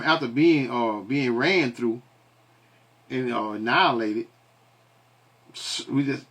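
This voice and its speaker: A man with a husky, slightly rough voice of middle pitch. he talks loose and casual and keeps throwing out questions, then answers them himself, like a street preacher working through a passage. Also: fairly bright tone. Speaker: online commentator and preacher. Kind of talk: casual commentary and scripture teaching.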